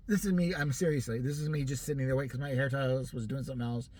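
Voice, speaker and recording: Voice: medium pitch, steady tone, racing, hardly any pauses, darkish tone, dry recording. Profane comic ranter, forties, dry close sound. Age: 40s. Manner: profane, sarcastic, laughing. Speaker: vlogger. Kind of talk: comic rant.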